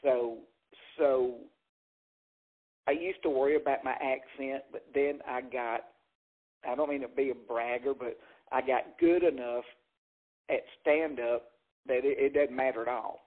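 Speaking at a medium pitch, unhurried and pausing often, a comic from Jackson, Mississippi spins stories in an interview with a thick Southern accent. He acts out quotes with animation, and the recording sounds narrow, like a phone line.

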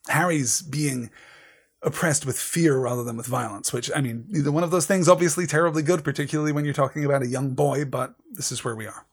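A man's voice: mid-range voice, breathy edge. A man leading a literature seminar, talking in a thoughtful, digressive way with restarts. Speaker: seminar leader.

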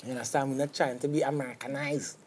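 A man's voice: mid-range voice, fairly even intonation, fast talker, a little hiss or hum. A Trinidadian man, a soca artist being interviewed in a TV studio, who rambles and keeps asking "you understand?". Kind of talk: casual interview chat.

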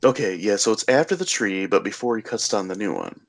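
Man, low voice, casual rambling recap, lots of fillers, dry close sound. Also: animated, brisk, no echo. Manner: rambling, filler-heavy storytelling with laughs.

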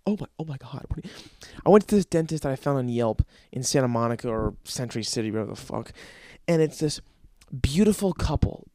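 A man's voice: mid-range voice, animated, a little fast, warm tone, dry recording, clean studio sound. A man giving a stand-up comedy rant, profane and exasperated.

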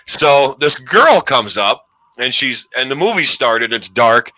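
A man in his forties hosts a podcast, rambling casually through old stories and laughing as he goes. His mid-range voice is slow, sing-song, bright, and forceful.

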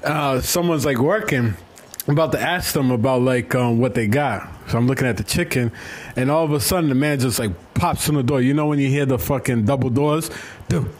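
A man's voice: mid-range voice, brisk. A man co-hosting a casual comedy podcast, telling stories in a laid-back way full of slang and cursing. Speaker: podcast co-host.

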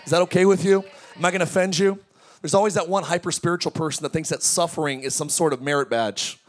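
A man with a high, bright voice preaches to a tent congregation. He keeps it lively, with jokes and questions thrown out to the crowd. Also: fast talker. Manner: energetic, joking preaching with audience call-outs. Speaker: pastor. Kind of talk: sermon. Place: large tent church.

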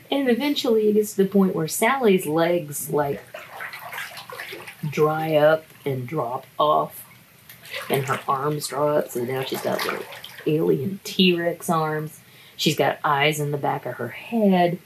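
A woman recaps a book in a relaxed, chatty way, drawling her words slowly in a low register. She is wry and laughs often at her own asides. Faint running water murmurs in the background. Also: slight background noise, rough recording. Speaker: book reviewer. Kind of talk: casual book review chat.

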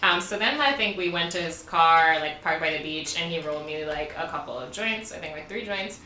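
A woman's voice: sits low, brisk, pushed and bright, slight background noise. A woman in her twenties co-hosting a podcast, telling a travel story in casual chat, candid and laughing, with lots of fillers. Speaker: podcast co-host. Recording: roomy, a bit far from the mic.

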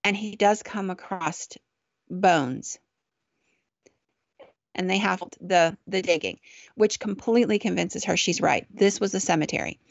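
A woman's voice: medium pitch, measured pace, vocal fry, long pauses, no echo. A woman podcast host casually telling a ghost story in a chatty, conversational way, on a dull, dry recording.

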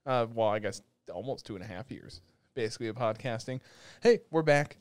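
A man co-hosting a podcast, telling a long animated rant in casual chat. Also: lowish voice, quick pace, clean tone, no room sound. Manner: animated ranting storyteller. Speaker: podcast co-host.

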